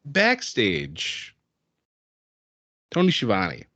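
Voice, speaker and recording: A man's voice: lowish voice, huge pitch swings, very slow, sharp tone, no echo. A man co-hosting a podcast, chatting eagerly about wrestling and laughing often. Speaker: podcast co-host. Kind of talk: casual wrestling chat.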